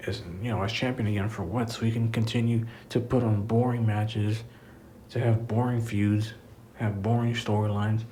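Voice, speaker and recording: Ranting, low-voiced man. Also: dark tone, a little hiss or hum, poor audio. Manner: frustrated, rambling, swears freely. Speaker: wrestling commentator vlogger. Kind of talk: casual ranting review.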